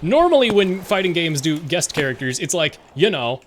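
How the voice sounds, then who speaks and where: A male streamer giving casual gameplay commentary with a slightly high voice. He rambles in a self-mocking way and laughs often. A faint hiss sits under his talk. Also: very animated, normal speed.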